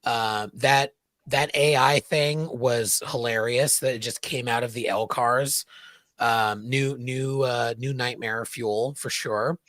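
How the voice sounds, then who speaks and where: A man hosting a podcast in casual chat, halting and thoughtful, with fillers between thoughts. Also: medium pitch, fairly even intonation, a bit bright, no echo.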